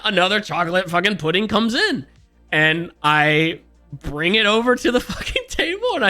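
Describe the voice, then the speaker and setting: A man's voice: sits high, sing-song, moderate pace, pushed and bright, faint music behind. A man streaming, telling a rambling, profane story in an exasperated, self-mocking way and laughing at himself.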